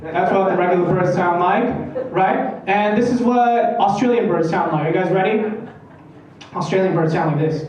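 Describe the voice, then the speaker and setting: A man from South Korea doing stand-up, making fun of himself and acting out loud shouted bits. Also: high-pitched, moderate pace. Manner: self-mocking, acts out loud shouted bits. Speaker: stand-up comedian. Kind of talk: stand-up comedy. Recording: echoey club from far off, loud crowd.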